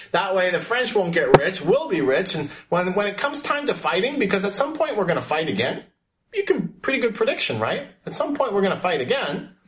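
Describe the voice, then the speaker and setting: A man's voice: high-pitched, a bit bright. A man teaching a class, asking questions and calling on students by name. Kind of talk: classroom history lesson.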